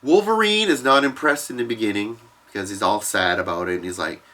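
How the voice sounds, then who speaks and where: A man casually retelling a comic storyline, profane and animated, acting out what the characters say. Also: on the low side, fairly quick. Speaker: comics explainer.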